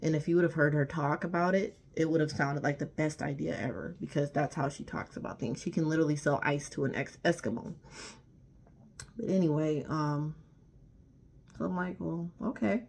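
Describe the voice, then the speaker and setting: A woman's voice: deep voice, steady tone, normal speed, creaky, darkish tone. A woman vlogger telling a storytime rant to camera, emphatic and indignant, often repeating herself.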